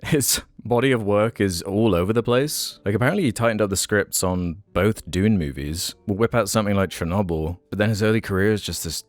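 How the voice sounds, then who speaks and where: A man's voice: lowish voice, a little fast, hardly any pauses, no echo. A man giving a casual, opinionated film review with wry, candid asides.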